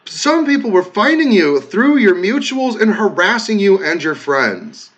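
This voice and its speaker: A man casually talking to his viewers, reading comments aloud, emotional and swearing freely, swinging from loud outbursts to soft, quiet thanks. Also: high voice, sing-song, normal speed, muffled recording. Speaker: content creator reading comments.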